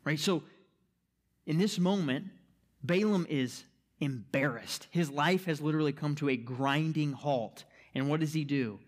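A man's voice: on the high side, measured pace. A man preaching a sermon as pastor, emphatic, posing rhetorical questions and checking in with the listeners. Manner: checks in with "right?" and "okay?".

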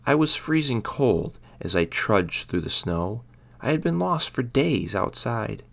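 A man hosting a story podcast, chatting briefly and then reading a Christmas story aloud in a relaxed way. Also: on the low side, vocal fry. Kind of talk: casual intro then scripted story narration.

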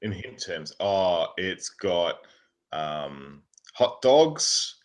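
A man's voice: sits low, lively intonation, very slow. A man co-hosting a podcast, talking in a laid-back, playful way with frequent chuckles. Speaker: podcast co-host. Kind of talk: casual reminiscing chat.

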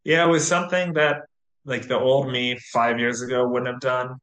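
A man in his thirties from the US, relaxed and chatty as an interview guest, full of "you know"s. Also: medium pitch, moderate pace, roomy sound. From US, near Atlanta. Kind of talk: casual interview.

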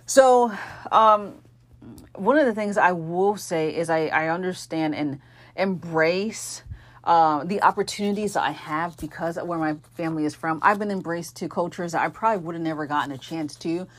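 A young adult woman with a lowish voice hosts a podcast, introducing the episode at a moderate pace. She talks casually, filling her speech with fillers and self-corrections.

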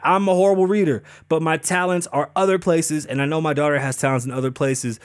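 Casting note: high-pitched man, thirties, heated profane rant, stumbles and restarts, casual host. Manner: profane, heated, rambling, stumbles over words. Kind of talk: casual ranting commentary. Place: Las Vegas.

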